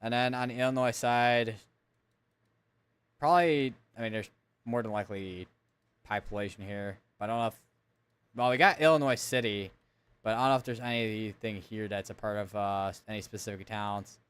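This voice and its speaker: Covering severe weather live, this man thinks out loud as he reads storm reports and town lists, often correcting himself. He speaks at a moderate pace in a lowish, clear and resonant voice.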